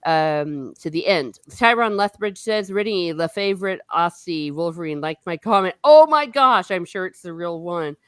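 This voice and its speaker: A woman's voice: lowish voice, normal speed, hardly any pauses, a bit bright, clean tone, no echo. A woman hosting a casual book discussion, rambling with frequent fillers and laughing often. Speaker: host of a book discussion show. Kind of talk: casual chat.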